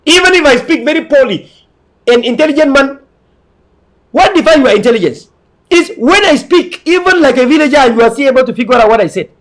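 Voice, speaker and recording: A man's voice: very high-pitched, expressive, fairly quick, fairly bright tone. A man from Cameroon who grew up speaking other languages, lecturing his viewers in an emphatic, repetitive, preaching way. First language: not English. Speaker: online commentator.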